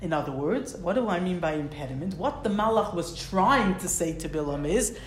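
A woman's voice: fairly low pitch, animated, a little fast, a little hiss or hum. A woman teaching a Bible class who reads Hebrew verses, translates them, and repeats words for stress. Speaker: Torah teacher. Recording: roomy echo.

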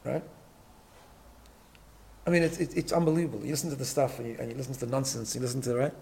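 A man's voice: mid-range voice, quick pace, creaky, dark tone. A man teaching a Torah class, emphatic, often repeating words and checking in with "right?". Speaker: rabbi.

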